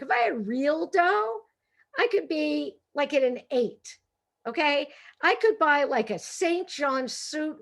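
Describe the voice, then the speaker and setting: A middle-aged woman with a Brooklyn accent, an author and humorist telling comic stories over a video call in a lively, chatty way full of asides. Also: high voice. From Brooklyn, New York. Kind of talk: comic storytelling talk.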